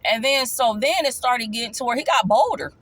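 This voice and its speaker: Woman vlogger, casual storytime, emphatic, repeats herself, jumps up in pitch to stress a point. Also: animated, brisk, fairly bright tone, slightly rough, no room sound. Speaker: vlogger telling her life story.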